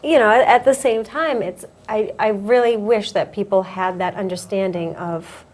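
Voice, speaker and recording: A young woman hosting a casual talk show, animated and laughing, acting out little quoted lines. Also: mid-range voice, moderate pace. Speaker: host. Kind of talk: casual chat.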